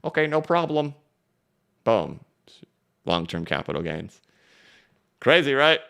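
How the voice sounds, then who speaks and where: A man's voice: medium pitch, vocal fry, clean tone. A man hosting a live-stream crypto market show, talking emphatically while he goes through charts and reads viewer questions. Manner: energetic, emphatic, talks fast. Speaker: crypto market analyst host.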